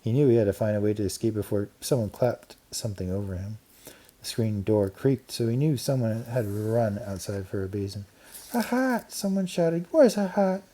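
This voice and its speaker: A man gently and expressively narrating a children's storybook. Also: on the low side, fairly even intonation, brisk. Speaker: audiobook narrator.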